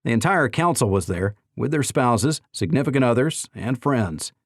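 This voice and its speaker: A man narrating a novel in the first person in a measured, even storytelling manner. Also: mid-range voice, no echo, studio quality. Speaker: audiobook narrator.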